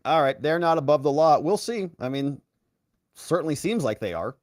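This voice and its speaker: Man, sarcastic commentary, animated higher voice, dry close sound. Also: moderate pace, no room sound. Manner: mocking, puts on voices for politicians. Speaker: political commentary host.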